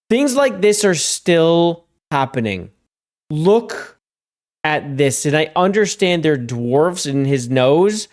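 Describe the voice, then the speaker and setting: A man's voice: a little high, darkish tone. A man hosting a gaming news stream, talking loosely and conversationally with lots of filler words and asides to his chat. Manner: talks to chat viewers directly. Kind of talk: casual live-stream commentary.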